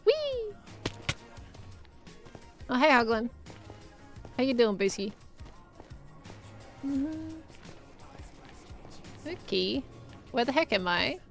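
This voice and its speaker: A woman's voice: a little high, animated, slow, gravelly, long pauses, a bit bright, soft background music. A young adult woman streaming a game, chatting in a rambling, giggly way as she plays. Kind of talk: rambling live gameplay chat.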